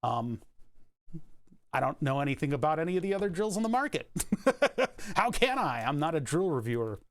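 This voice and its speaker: A man with a fairly high, lively voice talks at a quick clip as he livestreams a printer repair. Chuckling often, he keeps up casual, jokey banter peppered with sarcastic asides. He's using a headset or desk mic.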